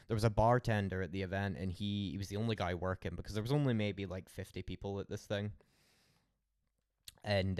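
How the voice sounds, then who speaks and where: A young man with a Scottish accent talks in a lowish voice, telling loose, sweary stories for his stream. The sound is dry and close. He drifts from one tale to the next with plenty of laughs. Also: a little mellow, dry recording. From Scotland. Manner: rambling, swearing storyteller with frequent laughs. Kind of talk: casual late-night stream chat.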